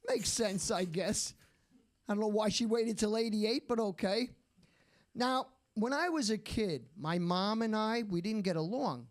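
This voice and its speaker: A man doing a stand-up routine, delivering deadpan one-liners after slow setups. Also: sits high. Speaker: stand-up comedian.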